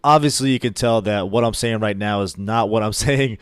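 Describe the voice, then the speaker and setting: Low-voiced man coaching in a clean voice-over. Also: moderate pace, clean tone, no echo. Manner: steady, encouraging instruction. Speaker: fitness coach.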